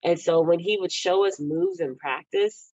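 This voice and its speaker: A young woman from Texas, a guest on a podcast, chatting casually about her coaches. She laughs often between phrases and jumps into high, animated voices when she quotes people. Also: normal speed, no echo. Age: young adult. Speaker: podcast guest, Olympic wrestler. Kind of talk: casual interview chat. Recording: dull, slightly lo-fi, dry sound.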